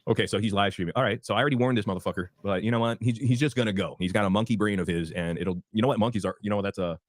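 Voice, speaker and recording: A man telling a story bluntly and profanely in quick, rambling casual talk. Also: on the low side, no echo.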